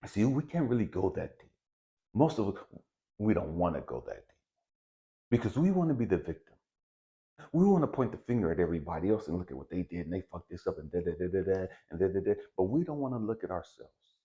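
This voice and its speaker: A man's voice: deep voice, big pitch swings, brisk, highs cut off. Profane, fiery preachy man. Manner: emphatic, swinging between loud and hushed. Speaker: spiritual video host. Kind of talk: motivational spiritual talk.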